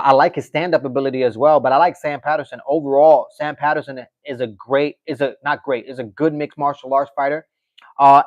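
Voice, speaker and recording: A man's voice: a little high, dry recording, lo-fi sound. A man hosting a casual livestream, rambling through fight picks and reading chat comments aloud, often repeating himself. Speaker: livestream host.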